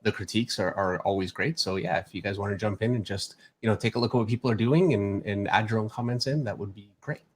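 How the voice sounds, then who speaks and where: A man's voice: on the low side, fast talker, hardly any pauses. Chatty Canadian man hosting a stream. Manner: chatty, laughs easily. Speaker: artist and host. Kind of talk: casual livestream chat.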